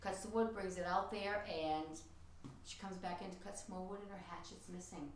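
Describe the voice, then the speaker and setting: Chatty woman tour guide with a low, gravelly voice, telling ghost stories, recorded from a distance in an echoey room. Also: moderate pace, background noise. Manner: chatty, animated storytelling with quoted voices. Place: old house, indoors.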